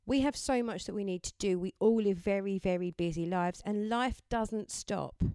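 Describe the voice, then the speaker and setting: A woman giving a gentle, encouraging mindfulness talk and leading listeners through affirmations. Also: mid-range voice, moderate pace, smooth, no echo. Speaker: self-help speaker.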